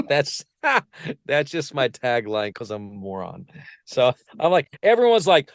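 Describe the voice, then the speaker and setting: Man, podcast guest, animated storyteller, middle pitch, dry recording. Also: unhurried, no echo. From Portsmouth. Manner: lively anecdotes, acts out quoted voices. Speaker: podcast guest, vocal coach. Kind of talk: casual storytelling interview.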